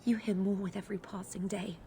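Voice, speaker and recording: A worried townswoman, voiced by a woman, who keeps her voice low and close to a whisper as she begs for help, her pitch sitting in an ordinary middle register. A faint hiss of noise sits under the video game audio. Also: flat delivery, brisk, natural voice. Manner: hushed, half-whispered pleading. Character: anxious woman whose brother went missing.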